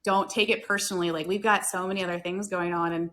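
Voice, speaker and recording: Talking fast in a fairly low, steady voice that's a bit bright, an American woman hosts a hospitality talk show. She's a podcast host who works in hospitality, and her casual chat comes across earnest, chatty, and full of fillers.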